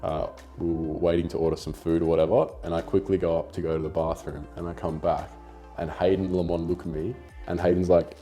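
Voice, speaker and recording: A man's voice: low-pitched, brisk. A young Australian man talking casually in an interview, rambling with lots of "like" and the odd swear word. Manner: relaxed, rambling, with filler "like" and swearing. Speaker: photographer and YouTuber being interviewed. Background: faint background music.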